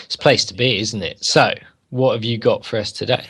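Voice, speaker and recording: A man's voice: lowish voice, brisk, fairly bright tone, breathy edge. A man co-hosting a casual wrestling chat, playful and joking, often tagging his lines with questions. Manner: playful, joking, asks many tag questions. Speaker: co-host.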